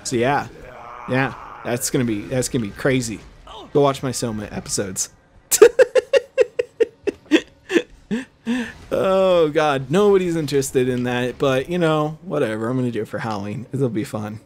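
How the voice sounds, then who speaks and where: A man's voice: mid-range voice, moderate pace. A man hosting a let's play, rambling through casual gameplay commentary with self-deprecating jokes.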